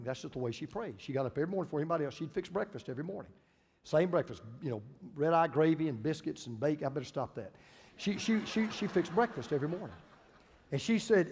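A middle-aged man preaching a sermon as pastor, emphatic and then dropping to a hushed voice. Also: fairly high pitch, husky, in a large hall. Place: church sanctuary.

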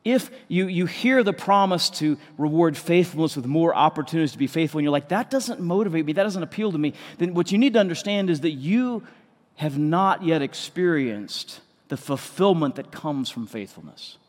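A pastor delivers a sermon in a fairly high male voice, earnest and conversational, doubling back on words as he builds each point. His voice rings out with a long reverb, as if filling a big church sanctuary. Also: lively intonation, moderate pace. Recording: long reverb of a large hall.

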